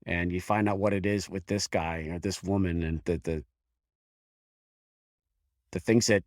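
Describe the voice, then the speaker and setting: A man in his fifties from the Buffalo area, talking frankly about his own experience as a firefighter. His voice sits very low, and he speaks haltingly, often restarting a sentence. The sound is dry and close, with no room echo. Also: steady tone. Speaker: guest, career firefighter. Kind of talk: candid personal storytelling in an interview.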